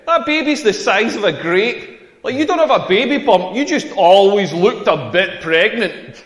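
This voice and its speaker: High-voiced Scottish man doing stand-up. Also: animated, a little slow, a bit bright. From rural Scotland. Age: 40s. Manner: brash, crude, mocking delivery. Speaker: stand-up comedian. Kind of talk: stand-up comedy set. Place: comedy club stage. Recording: roomy club with long reverb.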